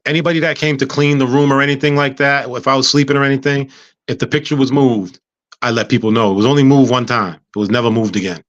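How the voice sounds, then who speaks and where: A man's voice: medium pitch, steady tone, fast, dry recording. A man who is a guest on a talk show, telling a personal story with humor and acting out the dialogue. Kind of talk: casual storytelling interview. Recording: dull lo-fi sound.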